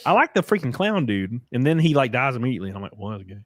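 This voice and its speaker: A man hosting a podcast in casual chat, rambling and swearing, his voice jumping up when he gets excited. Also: mid-range voice, very fast, no room sound. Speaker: podcast host.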